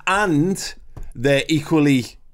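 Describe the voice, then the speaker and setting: A man's voice: lively intonation, slow pace. Ranting sweary man. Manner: sweary ranting, swings pitch up when worked up. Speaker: podcast co-host. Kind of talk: casual chat.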